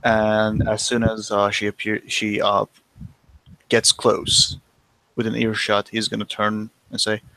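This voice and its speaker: A man playing a tabletop role-playing game, speaking hesitantly and haltingly. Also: on the low side, completely flat delivery, sharp tone, no room sound, poor audio. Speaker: player.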